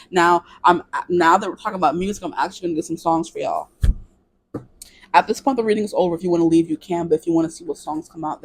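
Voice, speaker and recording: A woman's voice: lowish voice, darkish tone, no room sound. A woman giving a casual tarot reading to camera, chatty and playful, singing bits of songs. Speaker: tarot reader.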